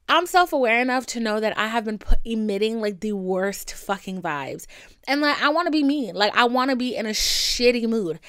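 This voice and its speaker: A woman's voice: fairly high pitch, fairly bright tone, clear, resonant tone, no echo, studio quality. A young woman hosting her own podcast, venting in a candid, chatty and profane way full of asides. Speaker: podcast host. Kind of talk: casual solo venting podcast.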